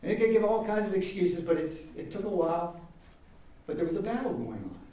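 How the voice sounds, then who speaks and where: A man preaching a sermon in an earnest manner, dropping to a hush for tender moments and rising for emphasis. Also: high voice, very animated, fairly quick, distant mic. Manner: earnest, swings between loud emphasis and near-whispered tenderness. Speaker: pastor. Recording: echoey room, speaker away from the mic.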